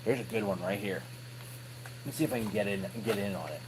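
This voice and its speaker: A man hosting a hobby show, chatting casually with his viewers from his home workshop and getting excited as he answers them. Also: on the low side, fast talker, background noise. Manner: folksy and excitable, calls viewers brother. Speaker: host of a scale RC hobby show. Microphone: phone camera.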